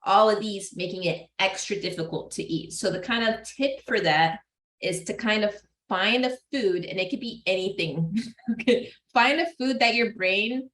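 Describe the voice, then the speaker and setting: A woman lecturing a class in a loose, chatty way, with plenty of fillers and quick laughs between points. Her voice sits at a middle pitch for a woman. The room gives it a noticeable classroom echo. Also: fairly bright tone. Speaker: psychology lecturer.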